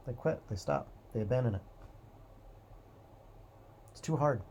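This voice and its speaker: A man hosting a motivational talk, speaking in a calm, reflective way with slow, repeated phrases. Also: medium pitch, a little hiss or hum. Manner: calm, repetitive, drawn-out phrasing. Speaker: host.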